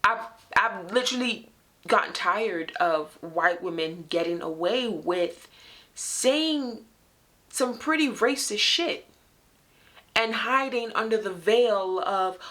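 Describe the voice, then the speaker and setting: A young woman talks straight to her viewers, emphatic and fed up, pressing her points with sharp rhetorical questions. Her voice is bright and ringing, sitting at an ordinary middle pitch for a woman. She sounds like the host of her own commentary show. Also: lively intonation, normal speed. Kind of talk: direct-to-camera commentary.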